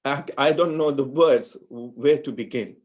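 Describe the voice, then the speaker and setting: A middle-aged man from Mombasa speaks at a memorial gathering. His tribute is heartfelt and halting, and he breaks off and restarts his sentences as the emotion comes through. His voice sits at an ordinary pitch. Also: a little mellow. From Mombasa, Kenya.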